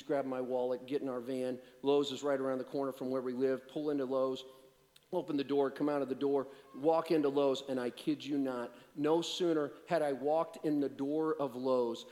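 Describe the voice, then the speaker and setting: A pastor giving a sermon, moving between loud, emphatic preaching and quiet, self-deprecating storytelling. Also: male voice, medium pitch, flat delivery, moderate pace, long reverb tail.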